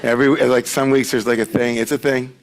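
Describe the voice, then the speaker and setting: Service leader, male, mid-pitched, casual and joking, filler-heavy patter to a congregation. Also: flat delivery, quick pace. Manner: chatty and joking, with many filler 'likes'. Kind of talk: casual welcomes and announcements at a Friday service. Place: sanctuary with a congregation present.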